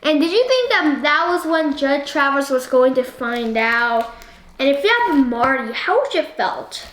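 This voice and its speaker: High-voiced rambling woman in an echoey room. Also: very animated, moderate pace, a bit bright. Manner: rambling, asks the listener many questions. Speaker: book discussion host. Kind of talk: casual book discussion.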